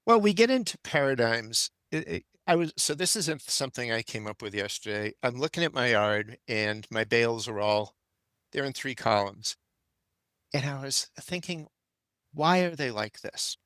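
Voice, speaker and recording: A man's voice: mid-range voice, expressive, normal speed, fairly bright tone, no room sound. An older man, a gardening expert and guest on a podcast, talking thoughtfully and with firm opinions. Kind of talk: casual conversation.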